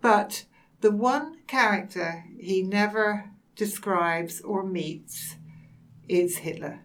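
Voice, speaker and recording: A woman's voice: mid-range voice, slow, fairly bright tone, far from the mic, a little hiss or hum. A woman hosting a book discussion, talking hesitantly and searching for her words. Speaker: host. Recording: voice a bit off mic.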